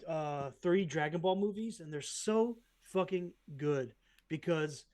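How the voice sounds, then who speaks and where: A man co-hosting a podcast in casual chat, halting and trailing off with filler words. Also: a little high, darkish tone. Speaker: podcast co-host.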